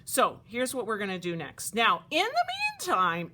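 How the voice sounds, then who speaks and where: A woman teaching a craft to children at a camp, talking in a playful, animated, chatty way. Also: on the high side, measured pace, a little hiss or hum.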